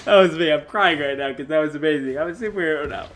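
A young man giving excitable, self-mocking gameplay commentary as a gaming YouTuber, often laughing at himself. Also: on the high side, fast talker, few pauses, faint music behind.

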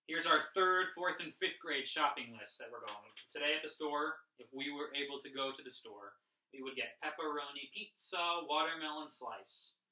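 A man's voice: a little high, moderate pace, bright, forceful tone. A young man teaching an online music lesson to children, upbeat and chanting rhythm syllables as he counts out notes. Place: home room. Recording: echoey room, voice a bit far from mic.

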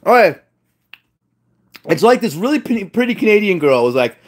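Playful, excitable food vlogger, high and animated. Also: male voice, moderate pace, long pauses. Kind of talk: casual taste-test commentary.

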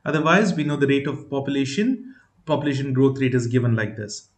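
A patient man explains a math lesson one step at a time, full of rhetorical questions and fillers. He sounds expressive in a medium-pitched voice and talks a little fast. The sound is roomy.

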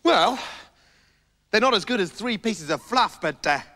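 A man with an English accent voicing a cheerful, simple-hearted young man with an innocent, bright way of talking. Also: high voice, animated, measured pace, exaggerated voice. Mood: cheery. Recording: roomy reverb, faint music.

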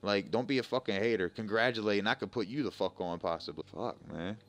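A man's voice: lowish voice, fast talker, a bit bright. A young man streaming a game live, ranting profanely and confrontationally at people in his chat and voice chat. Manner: profane, confrontational, trash-talking.

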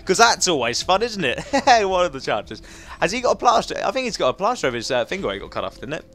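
A man giving chatty, excitable let's play commentary, talking to himself as he plays. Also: high-pitched, fast, slight background noise. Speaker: gaming commentator.

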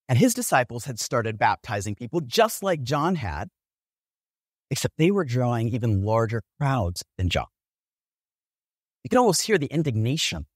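Male preacher, mid-pitched, conversational sermon delivery, very expressive intonation, dry close mic. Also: no room sound. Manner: conversational, animated storytelling with vivid examples. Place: church.

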